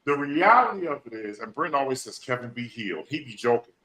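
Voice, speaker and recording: Man, podcast host, bright ringing voice, preachy, repeats himself. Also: mid-range voice, very animated, fast talker, low-quality recording. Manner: preachy, repeats phrases, folksy slang. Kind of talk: emotional motivational talk.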